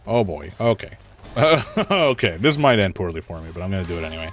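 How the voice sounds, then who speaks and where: A man streaming a video game, chatting and joking as he thinks out loud about his choices. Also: deep voice, big pitch swings, a little fast, faint music behind. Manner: chatty, joking, thinks aloud while playing. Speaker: gaming streamer. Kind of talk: casual live gameplay commentary.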